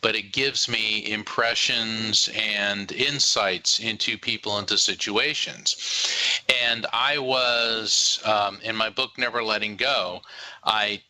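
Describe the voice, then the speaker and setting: A man guest on a radio interview, telling stories in a lively way and acting out voices with big jumps in pitch. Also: slow, rough recording. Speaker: guest psychic medium. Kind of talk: animated storytelling in a radio interview.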